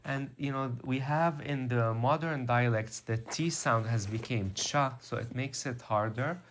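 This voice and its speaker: A man teaching a vocabulary lesson, slow and methodical, repeating each word. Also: mid-range voice, a little hiss or hum. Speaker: language teacher.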